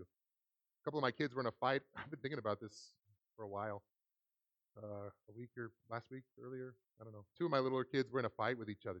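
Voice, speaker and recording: A man in his thirties preaching a sermon in a church, animated and laughing often as he acts out quoted lines. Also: mid-range voice. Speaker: pastor. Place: church hall.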